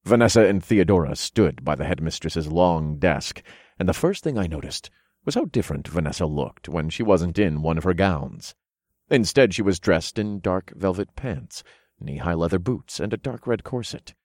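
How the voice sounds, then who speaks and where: Deep male narrator, steady storytelling, dry studio read. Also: moderate pace, dry recording. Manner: low steady storytelling, voices characters. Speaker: audiobook narrator. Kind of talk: first-person fiction narration.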